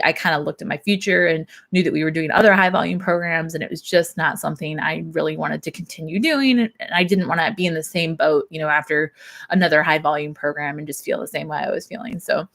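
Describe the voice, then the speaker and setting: A woman's voice: low voice, vocal fry, fairly bright tone. A young woman and systems engineer chatting casually on her livestream, laughing often.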